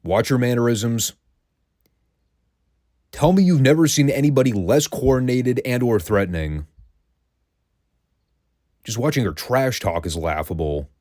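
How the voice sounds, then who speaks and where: A man's voice: medium pitch, lively intonation, unhurried, long pauses, darkish tone, dry recording, clean studio sound. A man hosting a review podcast, ranting in a sarcastic, profane way. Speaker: podcast host reviewing wrestling.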